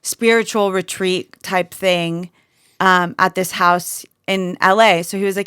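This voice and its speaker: Chatty woman, smooth clear voice, dry close sound, says like a lot. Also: on the low side, a little slow, no room sound. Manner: animated storyteller, says "like" constantly. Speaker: podcast co-host. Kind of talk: casual chat.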